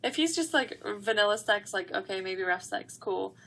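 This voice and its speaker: A woman's voice: medium pitch, lively intonation, normal speed, sharp tone. A woman co-hosting a podcast in casual chat, giggly and easygoing, with lots of "like" fillers. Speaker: podcast co-host.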